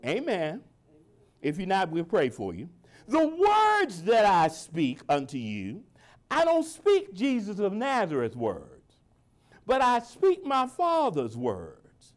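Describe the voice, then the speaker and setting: A man preaching in a high voice that swings widely in pitch. He quotes old scripture and talks informally with the congregation, slowing right down on the lines he wants them to repeat. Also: wildly swooping pitch. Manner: preaching with a call-and-response cadence, slowing to stress lines; informal speech, asking the congregation for agreement. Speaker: pastor. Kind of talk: sermon.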